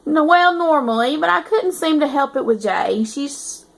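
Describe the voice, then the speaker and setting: A woman's voice: high voice, animated, moderate pace, gravelly, pitched above the performer's own voice. A woman reading aloud as a teasing eighteen-year-old male student narrating his story. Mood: amused. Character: cocky teasing young male college narrator.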